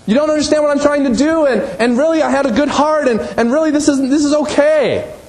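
A man's voice: very high-pitched, fairly quick, darkish tone, echoey room, voice pushed up. Man doing a whiny excuse-making kid. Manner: pleading, self-justifying.

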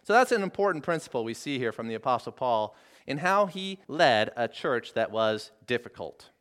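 A man's voice: mid-range voice, very animated, moderate pace, fairly bright tone. A male pastor preaching a sermon, earnestly putting rhetorical questions to his listeners and repeating phrases for emphasis.

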